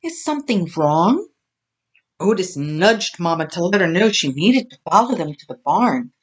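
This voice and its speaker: A woman reading a children's farm story aloud, expressive and gentle. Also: lowish voice, normal speed, husky. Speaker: storybook reader.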